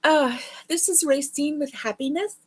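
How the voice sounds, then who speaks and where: Her voice is high-pitched and her pace measured. Hosting a crochet livestream over a webcam mic, she yawns and sounds worn out but keeps chatting casually and greeting viewers warmly.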